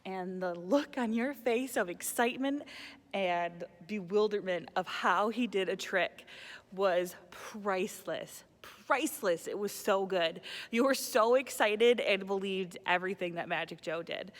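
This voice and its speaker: A woman's voice: medium pitch, unhurried. A woman who works at a camp, fondly recalling memories in a casual tribute, laughing often as she talks. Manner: laughs often, chatty with many likes. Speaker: camp staff member giving a tribute. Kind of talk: casual heartfelt reminiscing.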